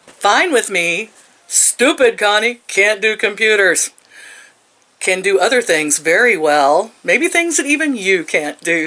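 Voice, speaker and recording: A woman's voice: medium pitch, very animated, slow, sharp tone. A woman in her sixties telling a story in a casual rant, sarcastic and laughing often. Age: 60s. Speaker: vlogger.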